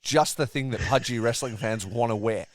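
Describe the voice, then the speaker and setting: A man's voice: medium pitch, normal speed. A man co-hosting a wrestling podcast, ranting in casual, profane chat. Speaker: podcast co-host.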